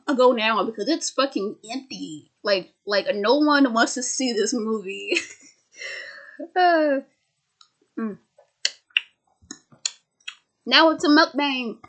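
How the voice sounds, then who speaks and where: A woman giving a casual, rambling movie review from a small room at home, sarcastic and profane, often stammering and restarting her sentences. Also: on the high side.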